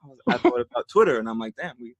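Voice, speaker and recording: A man hosting a podcast, relaxed and casual, with lots of fillers. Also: medium pitch, very fast, vocal fry, dry recording, lo-fi sound. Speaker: podcast host. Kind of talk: casual chat.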